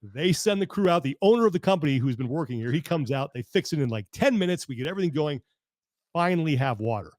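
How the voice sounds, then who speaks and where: A man with a slightly high voice hosts a podcast over a video call. He talks in a dry, close sound and tells a long story with an animated, exasperated energy. He restarts his sentences often. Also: fast, no echo. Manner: animated, exasperated rambling with self-interruptions. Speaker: podcast host. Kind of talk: casual storytelling chat.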